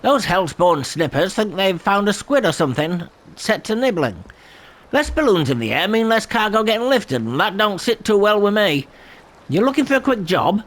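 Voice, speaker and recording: A man voicing a gruff male airship worker in a game, with a rough working-class English accent and a grumbling, colloquial manner. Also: high voice, big pitch swings, moderate pace, fairly bright tone, voice pushed up, full character voice. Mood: exasperated.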